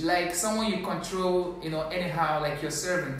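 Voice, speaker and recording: A man teaching a diction class, slowly repeating words to show how they are said. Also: sits high, a bit bright, slight background noise. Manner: slow, deliberate, repeats each word. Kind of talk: pronunciation lesson. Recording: very echoey room from a distance.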